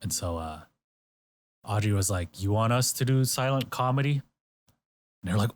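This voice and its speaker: Lower-pitched animated man. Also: a little slow, long pauses. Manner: animated storyteller, acts out quotes in exaggerated voices. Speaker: podcast host. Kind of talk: casual chat recapping a variety show.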